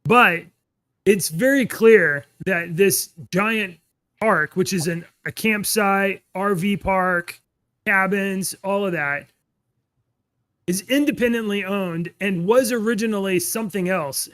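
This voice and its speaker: A man in his thirties co-hosting a podcast, chatting casually and telling animated, rambling stories with laughs. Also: high voice, measured pace, dry recording. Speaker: podcast co-host. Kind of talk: casual chat.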